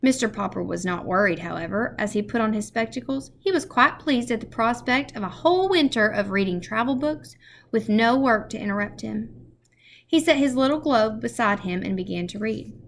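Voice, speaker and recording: A teacher reading a children's storybook aloud in a clear, expressive way. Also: female voice, on the high side, normal speed, a little hiss or hum. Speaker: first grade teacher.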